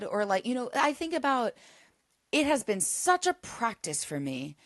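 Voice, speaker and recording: A woman's voice: a little high, big pitch swings, measured pace, no room sound, clean studio sound. A woman hosting a solo podcast, talking in an earnest, reflective way with emphatic repetition. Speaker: podcast host.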